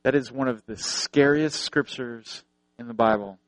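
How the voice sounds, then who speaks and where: A man's voice: medium pitch, unhurried, no room sound, poor audio. Earnest male preacher, dry close sound. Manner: earnest, repeats phrases for emphasis, tells anecdotes. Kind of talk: sermon.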